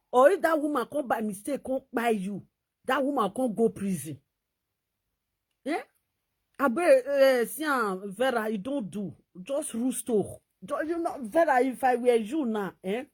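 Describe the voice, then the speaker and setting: Nigerian pidgin woman vlogging, laughs a lot, kinda high voice. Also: slightly rough. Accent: Nigerian Pidgin English. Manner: animated, laughing often, pidgin asides. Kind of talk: casual commentary vlog.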